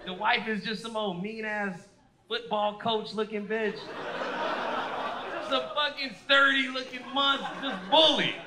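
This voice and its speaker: A man in his thirties doing a profane, animated stand-up set, acting out voices of people he describes. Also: high voice, unhurried, a loud crowd. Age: 30s. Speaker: stand-up comedian. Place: comedy stage before a live audience. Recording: roomy live venue with audience noise.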